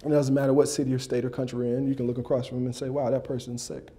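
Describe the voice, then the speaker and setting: A man giving a motivational speech at a dinner. He tells animated stories, throws questions at the audience and adds sound effects. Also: medium pitch, very fast. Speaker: motivational speaker and coach. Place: dinner banquet.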